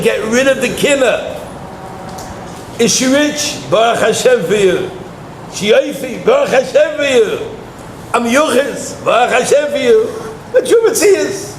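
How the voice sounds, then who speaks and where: Male rabbi, high voice, animated storyteller, roomy echoey recording. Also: a little hiss or hum. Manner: animated storytelling, acts out dialogue, laughs often. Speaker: rabbi giving a Torah class. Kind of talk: Torah lecture with personal stories.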